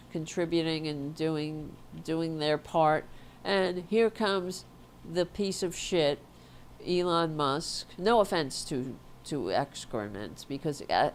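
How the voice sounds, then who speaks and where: Blunt, stuffed-up, low-voiced woman host. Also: slight background noise. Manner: blunt, profane and indignant, with frequent restarts. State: congested, stuffed-up nose. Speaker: political talk show host. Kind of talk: opinionated political commentary.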